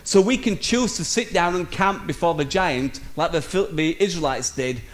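A man with a fairly high voice preaching a lively sermon. He speaks straight to his listeners, calling them "guys", and shrugs off his mix-ups with a quick laugh. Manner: energetic, addresses listeners as "guys", laughs at his own slips.

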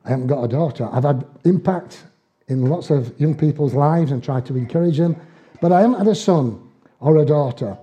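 A man's voice: on the high side, brisk. A man with a Northern English accent preaching a conversational sermon, telling homely personal stories with humour and frequent laughs. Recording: dull, muffled lo-fi sound.

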